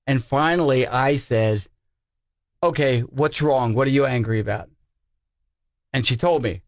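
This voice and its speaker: A man's voice: mid-range voice, measured pace, no room sound, studio quality. Man telling anecdotes with acted dialogue. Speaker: podcast co-host. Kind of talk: casual chat.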